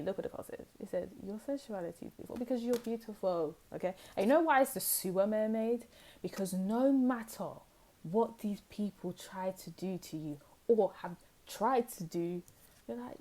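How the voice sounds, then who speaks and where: A young woman giving a pick-a-card tarot reading, talking in an emphatic, animated way and repeating phrases for stress. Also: medium pitch, normal speed. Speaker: tarot reader.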